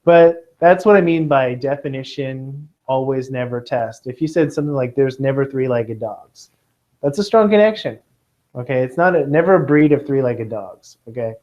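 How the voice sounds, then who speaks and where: A man from Kentucky teaching a class of students, lively and joking, often checking in with "okay?". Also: medium pitch, normal speed, highs cut off. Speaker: test prep teacher.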